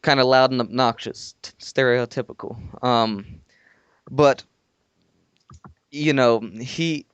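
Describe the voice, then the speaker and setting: A man's voice: mid-range voice, slow, long pauses, clean tone, no room sound, dull audio. Young man rambling through a story. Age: young adult. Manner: rambling, animated story with restarts and laughs. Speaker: podcast co-host. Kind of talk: casual storytelling. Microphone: call-in from home.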